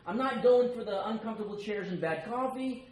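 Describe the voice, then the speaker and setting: An American man giving a personal share at a recovery meeting, telling stories with quick asides and self-mocking humor. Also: high voice, darkish tone. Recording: very echoey room with faint ambience.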